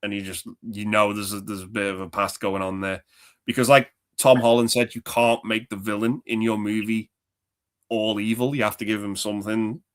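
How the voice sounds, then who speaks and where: A man's voice: lowish voice, level tone, normal speed, clean tone. A man co-hosting a casual movie chat, enthusiastic, swearing often and slipping into quoted lines. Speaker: podcast co-host.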